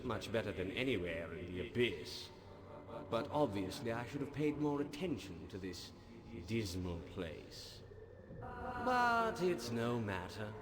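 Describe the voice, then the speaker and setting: A man's voice: fairly low pitch, sing-song, measured pace, background noise. A man voicing a scheming, petulant male god of murder in a game's dialogue, sarcastic and self-important, with game music behind him. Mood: haughty.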